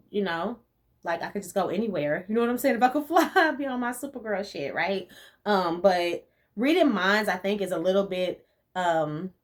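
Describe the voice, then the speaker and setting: A young woman from the rural US chatting casually as a vlogger answering viewer questions, animated and laughing often, with relaxed slang. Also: medium pitch. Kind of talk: casual chat.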